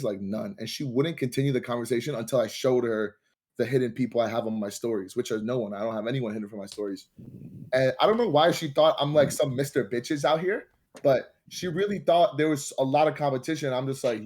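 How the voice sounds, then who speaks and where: A young man hosting a podcast, telling a dating story in a casual, animated way and swearing freely. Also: mid-range voice, fast. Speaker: podcast host.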